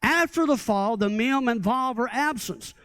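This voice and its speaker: A man's voice: very high voice, lively intonation, a little slow, a bit bright, no room sound. A man preaching a sermon as pastor, often asking the congregation rhetorical questions.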